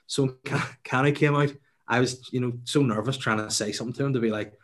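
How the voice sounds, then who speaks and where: A young man, telling a funny story in casual chat, animated and laughing, swearing freely. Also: mid-range voice, quick pace.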